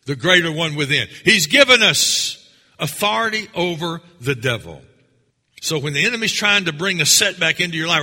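A man's voice: a little high, slightly rough. Fervent male preacher in an echoing hall. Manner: fervent preaching, rising to shouts. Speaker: pastor. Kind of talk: sermon. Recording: long hall reverb.

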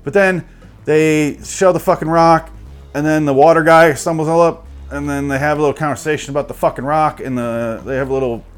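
A man's voice: fairly high pitch, steady tone, brisk, clean tone, faint music behind. A man giving a crude, exasperated comedic rant about a movie, mocking it as he goes. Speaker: movie reviewer.

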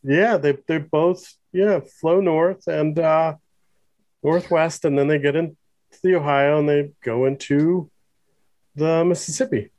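A man co-hosting a casual podcast chat, thinking aloud as he talks, with many pauses and fillers. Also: fairly high pitch, steady tone, darkish tone, dry recording, dull audio. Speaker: podcast co-host.

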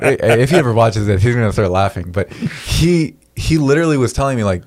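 Animated man telling stories casually. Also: medium pitch, quick pace, hardly any pauses. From San Diego area. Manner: animated storyteller acting out quotes. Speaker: podcast guest, real estate agent. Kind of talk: casual chat.

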